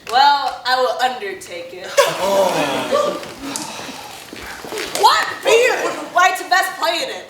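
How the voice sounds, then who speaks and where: A woman's voice: high voice, wildly swooping pitch, very slow, pauses often, full character voice. Bottom: a woman playing a hammy boastful weaver. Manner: bombastic, showy, declaiming. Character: boastful hammy male weaver, eager to play every part. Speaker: stage actor. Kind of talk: live college stage performance. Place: college theatre stage. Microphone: distant room mic. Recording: roomy stage audio from far off with faint noise.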